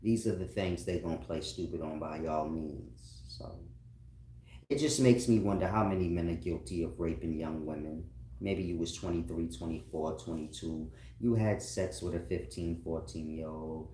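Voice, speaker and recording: A man's voice: deep voice, fairly even intonation, normal speed, warm tone, slight background noise. A man talking in a loose, rambling, profane monologue, laughing often. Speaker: online commentator. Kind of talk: casual monologue. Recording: roomy echo.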